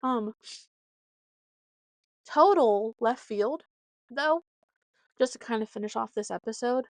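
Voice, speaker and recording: On a dry recording, a young Nebraskan woman hosting a podcast rambles through casual stories. Her voice is a bit high and slow, and she leans on fillers while playing out quoted voices with animation.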